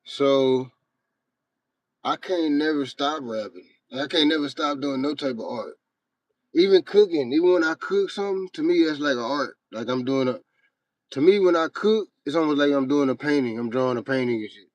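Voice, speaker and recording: A man's voice: a little high, normal speed, no room sound. A young man hosting a livestream, talking bluntly and profanely in a rambling, casual way to his chat. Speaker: livestream host.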